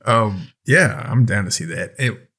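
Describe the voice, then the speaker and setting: Low-pitched guy, dry sarcastic podcast co-host. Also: expressive, unhurried, pushed and bright, breathy edge. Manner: dry, sarcastic banter, swears casually. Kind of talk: casual chat.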